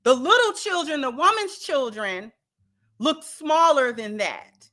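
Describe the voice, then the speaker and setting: A woman hosting a commentary channel, talking to her viewers in an animated, emphatic, slangy way. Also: high-pitched, takes it slowly. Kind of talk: casual commentary.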